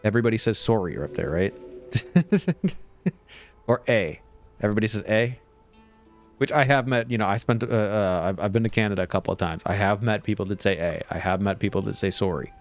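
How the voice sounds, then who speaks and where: A man's voice: lowish voice, animated, brisk, soft background music. A man chatting casually while streaming a game, rambling along and chuckling often. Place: home.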